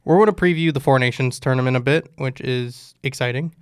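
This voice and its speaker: A man's voice: medium pitch, brisk, a little mellow, clear, resonant tone, dry recording, studio quality. A young man hosting a casual sports podcast, with a voice that is giving out on him, talking loosely and jokingly with many restarts. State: losing his voice. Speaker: podcast host.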